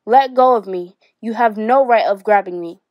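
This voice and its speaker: A woman's voice: medium pitch, a little fast, no echo, lo-fi sound, lightly acted. A woman voicing a brave, defiant five-year-old boy, reading a story aloud. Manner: calm, then shouting back.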